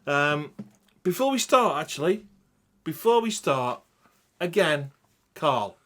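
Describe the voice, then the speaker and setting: A man hosts a comedy podcast, ribbing his friends with mock-dramatic, swearing banter. His voice sits a little high and swoops around a lot. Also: big pitch swings, slow, bright, forceful tone. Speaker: podcast host.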